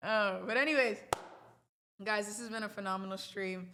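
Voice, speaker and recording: A woman's voice: mid-range voice, steady tone, takes it slowly, long pauses, pushed and bright, slight background noise. A woman hosting a livestream, talking casually to her viewers in a rambling, playful, chatty way. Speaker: livestream host.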